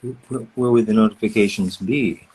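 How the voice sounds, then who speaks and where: A man at a live fan autograph session, reading questions aloud in a playful, animated way. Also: on the low side, moderate pace, slightly rough.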